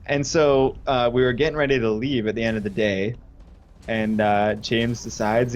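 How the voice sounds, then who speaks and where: A young man in his twenties, chatting and telling a high school story while streaming a game, animated and full of fillers. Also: moderate pace, a little hiss or hum. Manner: animated, laughing, lots of fillers. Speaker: gaming streamer. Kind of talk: casual storytelling while gaming.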